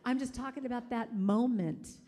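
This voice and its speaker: A woman's voice: a little high, normal speed. A middle-aged woman giving a chatty sermon, telling stories and acting out quotes. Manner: chatty, animated storytelling with acted-out quotes. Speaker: guest speaker. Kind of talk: sermon storytelling. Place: church sanctuary.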